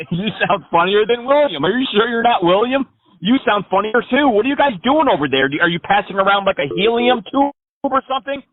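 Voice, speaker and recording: Prank caller guy, kinda high voice, mocking and rambling, tinny phone sound. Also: expressive, fairly quick. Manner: mocking, rambling absurd pitches. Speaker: scam-baiting prank caller. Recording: phone-line audio.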